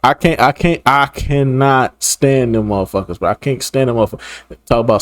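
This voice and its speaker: A man of ordinary pitch gives casual reaction commentary. He talks bluntly and swears freely. He often repeats himself and breaks into laughter. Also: a little fast. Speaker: reaction video host.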